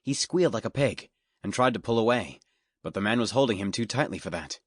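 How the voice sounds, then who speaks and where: A man narrating a fantasy audiobook in a steady, measured storytelling manner. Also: lowish voice, no room sound. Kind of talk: scripted narration. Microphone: studio microphone.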